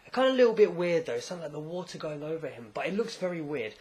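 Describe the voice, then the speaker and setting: A man's voice: fairly high pitch, fast. Chatty man recapping a comic. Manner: rambling, animated storytelling with asides. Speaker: manga chapter reviewer. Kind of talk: casual recap commentary.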